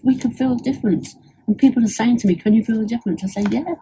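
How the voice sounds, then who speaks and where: A chatty woman talks at home, full of enthusiasm and often restarting her sentences. Her voice is mellow and slightly husky, with a relaxed, warm tone. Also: on the high side, fast, rough recording. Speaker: homeowner giving a testimonial. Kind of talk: casual chat. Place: at home indoors.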